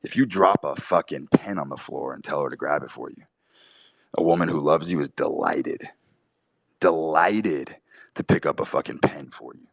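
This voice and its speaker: A man's voice: rumbling low, moderate pace, vocal fry, dry recording. A man delivering a blunt, profane, opinionated monologue, hammering his points home by repeating them. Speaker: podcast host.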